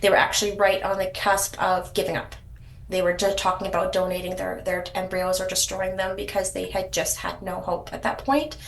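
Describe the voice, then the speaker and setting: A woman's voice: medium pitch, little pitch movement, a little fast, vocal fry, reverberant. Chatty woman telling her story. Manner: warm storytelling, frequent restarts and repeated words. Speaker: podcast guest, surrogate. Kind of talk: casual interview chat.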